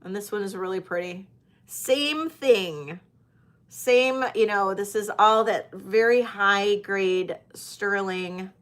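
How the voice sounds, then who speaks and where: A woman running a casual live-stream jewelry auction, talking at a slow, easy pace. She is chatty and hesitant, full of ums and restarts, with a mid-range voice. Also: medium pitch, fairly bright tone. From United States. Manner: chatty, hesitant with many fillers.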